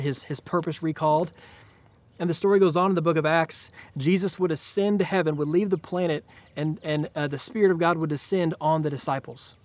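Preaching man, slightly high voice. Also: no room sound. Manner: conversational, paraphrases scripture in casual speech. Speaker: pastor. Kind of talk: sermon.

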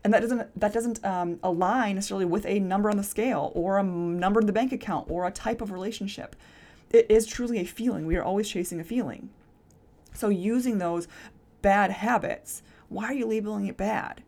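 A woman's voice: medium pitch, a little fast, darkish tone. A young adult woman hosting a solo podcast. She talks casually and reflectively, full of "like" fillers and rhetorical questions to herself. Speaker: podcast host.

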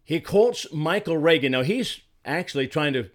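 An indignant man in his sixties from Arizona delivers a solo political commentary monologue in a slightly high, animated voice at normal speed. He stresses his points and repeats words when he gets heated.

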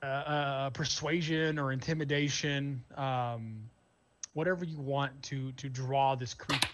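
A man's voice: medium pitch, steady tone, a little slow, a bit bright, lo-fi sound. A man narrating as game master, describing the scene casually with many fillers.

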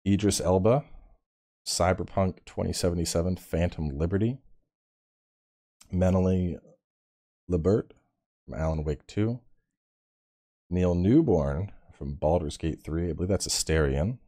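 Male podcast co-host, very deep voice, laid-back and profane. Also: measured pace, long pauses, mellow. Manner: laid-back, swears freely, laughs at his own stories. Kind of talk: casual chat.

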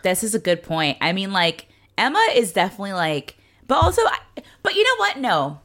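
Woman co-host, casual recap chat, blunt and swearing, pitch jumping all over. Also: a little fast. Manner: animated, blunt, swears freely. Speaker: podcast co-host.

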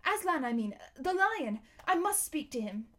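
A woman's voice: sits high, sing-song, normal speed, a bit bright, pitched above the performer's own voice. A woman doing an urgent, earnest young boy. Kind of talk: reading a storybook aloud.

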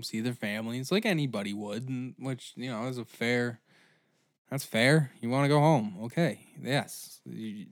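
A man's voice: mid-range voice, no echo, studio quality. A man hosting a comedy history podcast, telling the story in a profane, rambling way with silly asides. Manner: profane, rambling, bursts into silly voices and sound effects. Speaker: podcast host.

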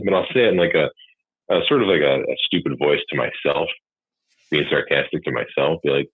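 A man's voice: very deep voice, brisk, no echo. A man talking candidly about being a father, rambling and swearing freely. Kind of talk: casual chat. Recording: husky tinny phone-like line, dry.

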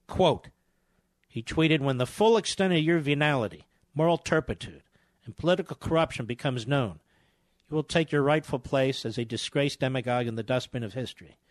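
A man's voice: mid-range voice, no echo. A middle-aged man hosting a talk radio show, delivering scornful, combative commentary with hammering repetition.

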